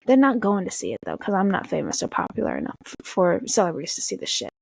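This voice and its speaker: A young woman from the Tacoma area telling an animated storytime, swearing and acting out quotes. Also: fairly low pitch, quick pace, gravelly, dry recording. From Tacoma area, USA. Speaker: vlogger. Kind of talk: casual storytime.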